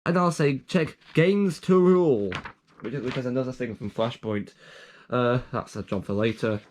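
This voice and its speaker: A man's voice: medium pitch, moderate pace, a little mellow. A young man casually reading out his own joke documents, rambling and trailing off with self-aware asides. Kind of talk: casual commentary.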